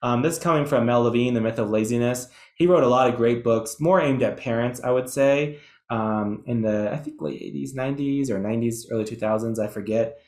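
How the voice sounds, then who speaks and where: A man's voice: mid-range voice, a little fast, a little mellow, echoey room. A man presenting an educational webinar in a chatty, enthusiastic way, with some self-deprecating asides. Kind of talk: webinar lecture.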